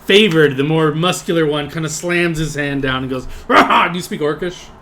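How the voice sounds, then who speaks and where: A man's voice: on the high side, a little fast, very noisy. A man narrating as game master in a casual, rambling way with lots of fillers.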